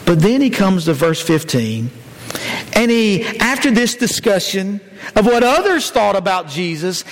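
Male preacher, high voice, sermon, scripture citations, rhetorical questions, long hall reverb. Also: a little hiss or hum. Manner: asks the congregation rhetorical questions, cites scripture verses.

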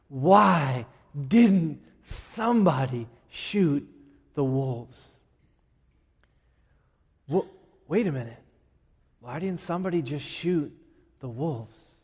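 A middle-aged man preaching a sermon as pastor, emphatic, with dramatic pauses and swings from loud to hushed. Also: mid-range voice. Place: church sanctuary. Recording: long reverb of a large hall.

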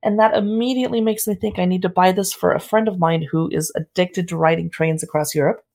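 A woman's voice: lowish voice, quick pace, gravelly, a little mellow. A woman from San Diego co-hosting a casual chat, presenting cookbooks in a playful, teasing way. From San Diego, United States. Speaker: co-host reviewing cookbooks.

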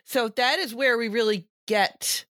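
A woman's voice: on the high side, unhurried, a bit bright, no room sound, studio quality. A middle-aged woman co-hosting a casual podcast, speaking emphatically with exasperated asides about work in a pediatric office. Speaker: podcast co-host, breastfeeding professional.

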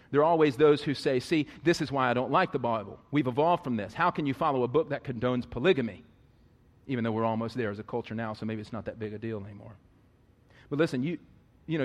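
A man preaching a sermon, animated, jumping from loud, high-pitched bursts to low, quiet asides. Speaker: pastor. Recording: long reverb of a large hall.

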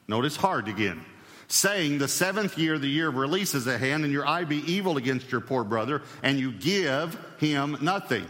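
A male pastor delivers a sermon, pressing his points and turning to the congregation with direct questions. His voice sits at an ordinary pitch for a man. It rings out with a long reverb in a church hall. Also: normal speed, fairly bright tone. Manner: emphatic preaching, addresses congregation directly.

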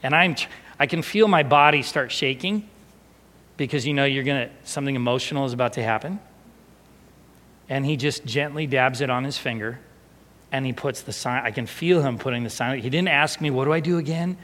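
Man, pastor, animated storytelling, hushed emotional moments, reverberant hall. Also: mid-range voice, fairly quick. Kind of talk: storytelling sermon.

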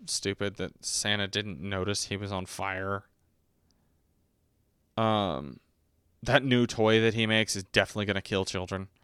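A man in his twenties chatting casually about a movie, rambling and self-mocking, often breaking into squeaky high put-on voices. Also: a bit bright, clean tone, no room sound, clean studio sound. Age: 20s. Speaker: podcast host reviewing a movie.

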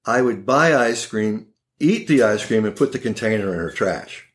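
A man's voice: lowish voice, moderate pace. Guy around 60 spinning funny family stories, voice jumps all over, dry jokey delivery, podcast guest. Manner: animated, wry and laughing, with quoted voices. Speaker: guest, oral surgeon. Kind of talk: casual storytelling in a podcast interview.

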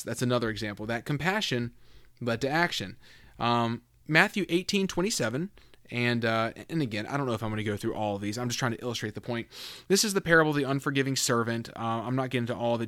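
A man's voice: mid-range voice, fast talker, a bit bright, dry recording, clean studio sound. A man hosting a casual Bible teaching podcast, talking loosely with fillers and restarts as he reads scripture aloud.

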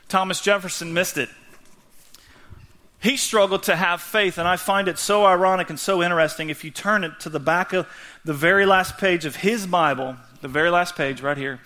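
Male pastor, slightly higher voice, bright tone, laid-back preaching that turns slow and quiet for scripture readings. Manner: casual, conversational preaching with slang; reads scripture slowly and softly. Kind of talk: sermon.

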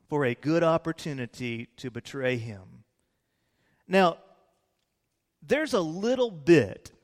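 A man's voice: a little high, long reverb tail. A man preaching a sermon, telling the story conversationally with casual asides. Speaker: pastor.

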